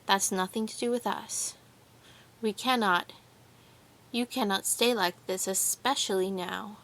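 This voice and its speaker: A quiet, resolute young nobleman who talks gently and persuasively, as a woman reads his part. The delivery is slow and measured. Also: mid-range voice, steady tone.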